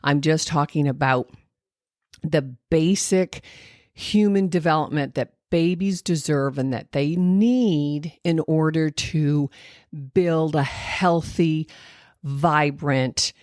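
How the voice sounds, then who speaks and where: A woman's voice: sits low, takes it slowly, a little mellow, dry recording, clean studio sound. A woman hosting an educational podcast, explaining speech and language development and sounding out examples. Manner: explanatory, demonstrates sounds and intonation aloud, many fillers. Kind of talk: solo educational podcast talk.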